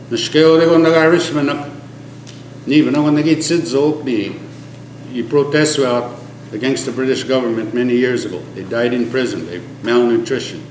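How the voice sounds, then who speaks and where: An older man giving an oral history, earnest and emphatic, mixing an Indigenous language with English, often dropping to a low quiet tone. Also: a little hiss or hum. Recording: echoey room with faint ambience.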